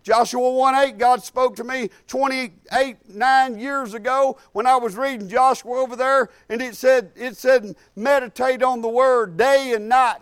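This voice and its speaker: High-voiced folksy preacher man. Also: a bit bright, clean tone, no room sound. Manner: folksy, repetitive, rising emphatic cadence on scripture. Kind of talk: informal sermon with personal stories.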